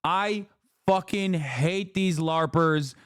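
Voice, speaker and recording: A man's voice: on the high side, slow pace, fairly bright tone, clear, resonant tone, dry recording, studio quality. A man in his thirties ranting angrily and profanely while reacting on a livestream. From Turkey. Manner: angry, profane, emphatic. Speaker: streamer reacting to videos. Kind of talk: heated livestream rant.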